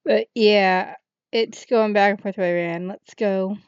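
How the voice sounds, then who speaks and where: A woman host chatting casually in relaxed asides as she reacts to a video. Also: mid-range voice, unhurried, clean tone, no echo, muffled recording, faint music behind.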